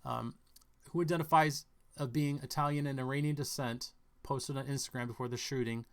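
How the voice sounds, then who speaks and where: A man giving a halting, speculative commentary on news stories, thinking aloud with many fillers and restarts. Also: medium pitch, steady tone.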